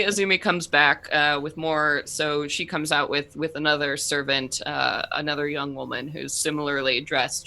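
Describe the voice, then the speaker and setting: A woman's voice: deep voice, bright, forceful tone. A woman narrating a tabletop game as game master, descriptive and full of fillers.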